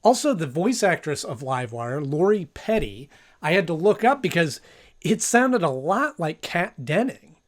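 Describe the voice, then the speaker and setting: A man casually talking through a cartoon episode. He rambles and restarts, with lots of fillers. His voice sits a little high. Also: big pitch swings, moderate pace. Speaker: episode reviewer. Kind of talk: casual video review.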